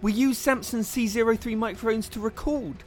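A podcast host in a comedy sketch who rambles in a quick, exasperated, nerdy way. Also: mid-range voice, fairly even intonation, faint music behind.

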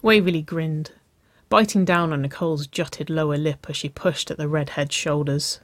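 A narrator reading romance fiction aloud, with a slow, lingering, expressive delivery. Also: mid-range voice, no room sound, studio quality.

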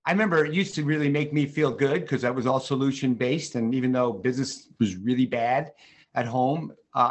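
A man with a middle-pitched voice talks in a chatty, easygoing way. He tells stories from his working life in a casual business podcast chat. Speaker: company CEO, regular podcast guest.

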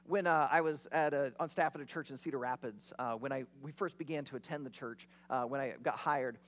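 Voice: mid-range voice, brisk, a bit bright. A pastor preaching a sermon in a conversational, storytelling way.

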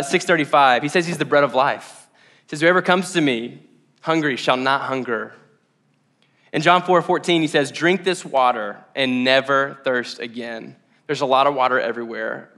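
A man preaching a sermon as pastor, conversational and animated, building to emphatic exhortations. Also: high voice, in a large hall.

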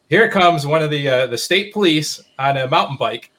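A man's voice: fairly high pitch, expressive, a little fast, a bit bright. A man hosting a casual podcast, telling a rambling anecdote with plenty of fillers and restarts. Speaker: podcast host. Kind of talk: casual chat.

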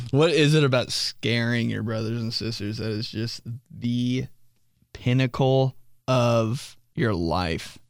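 A young man hosts a casual podcast on his own, with a smooth, resonant voice sitting at a middle pitch. He talks loose and slangy, jokes, and laughs easily. The sound is close and dry. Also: no room sound. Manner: loose and joking, slangy, quick laughs, acts out quotes. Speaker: podcast host. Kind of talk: casual solo podcast talk.

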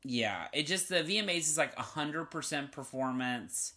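Chatty bright-voiced man hosting a podcast. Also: a little high, expressive, moderate pace. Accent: Southern US. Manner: chatty, enthusiastic, lots of "like" fillers. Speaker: podcast host. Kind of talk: casual chat.

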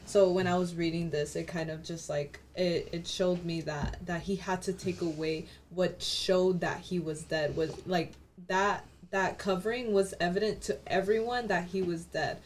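A woman's voice: fairly low pitch, fairly even intonation, moderate pace, hardly any pauses, a little hiss or hum. A woman in a group Bible study sharing her thoughts hesitantly, with many fillers. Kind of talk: casual group discussion.

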